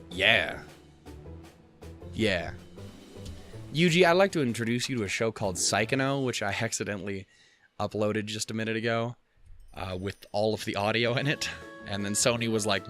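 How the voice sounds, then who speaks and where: A man's voice: lowish voice, fairly bright tone. A young man hosting a let's play, reading a visual novel aloud with casual, profane, rambling and self-mocking asides. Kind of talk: casual gameplay commentary with read-aloud dialogue.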